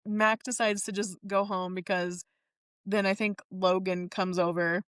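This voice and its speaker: Woman, mid-pitched voice, chatty podcast co-host, casual book talk, dry close sound. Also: little pitch movement, unhurried, no room sound. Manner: chatty, chimes in to fill in plot details. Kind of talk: casual book discussion chat.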